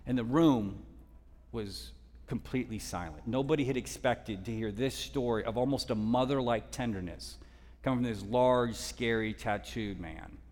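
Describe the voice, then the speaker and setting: A man's voice: mid-range voice, normal speed. Man preaching in a reverberant hall. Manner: dynamic storytelling, dropping to hushed tones and rising for emphasis. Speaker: guest preacher. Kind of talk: sermon storytelling. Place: church hall.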